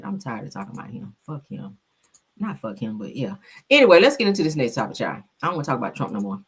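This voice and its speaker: A woman hosting a casual commentary chat, talking loud and profane, laughing often as she tells stories. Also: low-pitched, wildly swooping pitch, fast talker, breathy edge. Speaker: host.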